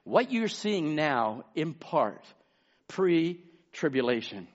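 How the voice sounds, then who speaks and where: A man preaching a sermon as pastor, swinging between emphatic shouts and hushed asides and calling out listeners by name. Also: fairly high pitch, big pitch swings, slow pace. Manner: calls out congregation members by name. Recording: dull lo-fi sermon recording.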